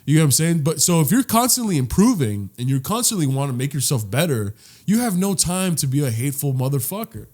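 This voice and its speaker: A man's voice: a little high, very animated, quick pace, a little mellow. A young man co-hosting a casual podcast, talking earnestly and swearing freely, often repeating words as he builds his point. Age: young adult. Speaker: podcast co-host.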